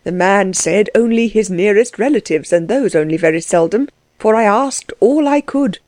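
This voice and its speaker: A woman's voice: mid-range voice, moderate pace, a little mellow, no room sound, close to an everyday voice. Tearful old servant guy, woman reading him, anxious, pleading, dry close sound. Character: tearful, distraught older male servant. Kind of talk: audiobook character reading.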